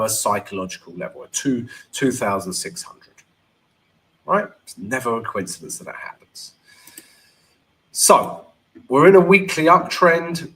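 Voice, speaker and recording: A man's voice: mid-range voice, fairly bright tone. A man hosting a live trading stream, talking casually and with energy, and often checking in with "right?".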